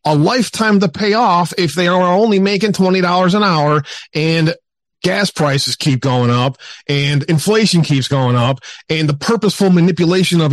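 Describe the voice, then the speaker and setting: A man's voice: fairly high pitch, dry recording. A man, a regular guest on the show, delivering political commentary in an emphatic, ranting manner.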